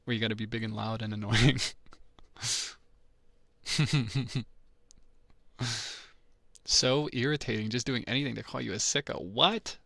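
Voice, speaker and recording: A man streaming a quiet casual chat, teasing playfully and quick to laugh, close to the mic. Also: mid-range voice, fairly even intonation, creaky, no echo.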